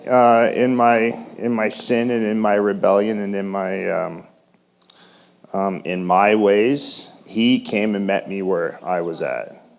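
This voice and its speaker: A man giving a personal testimony in church, shy and halting, with many restarts and fillers. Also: lowish voice, vocal fry. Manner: self-described shy. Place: church in front of congregation.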